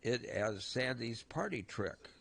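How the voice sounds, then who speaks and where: A man's voice: medium pitch, expressive, slow pace, vocal fry, a bit bright, breathy edge. A man who is a regular on a casual sports radio show, making dry, terse remarks and reading facts aloud. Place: radio studio.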